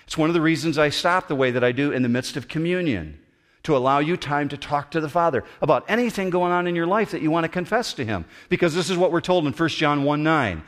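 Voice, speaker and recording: A man preaching a sermon as pastor, animated and acting out the voices he quotes. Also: fairly high pitch, fast. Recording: long hall reverb.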